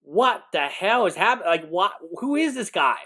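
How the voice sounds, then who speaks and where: Man, lawyer, live reaction commentary, incredulous, rambling, swinging pitch. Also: big pitch swings, a little slow, sharp tone. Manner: incredulous, laughing, rambling with restarts.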